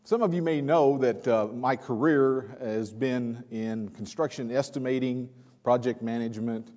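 A man in his sixties, a visiting preacher with a weak voice, giving a folksy sermon with many filler pauses. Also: mid-range voice, darkish tone. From California. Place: church hall. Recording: long hall reverb.

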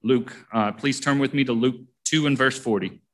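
A man's voice: mid-range voice, moderate pace, a bit bright. A man preaching a sermon, reading verses aloud and commenting on them between readings in a plain, conversational way.

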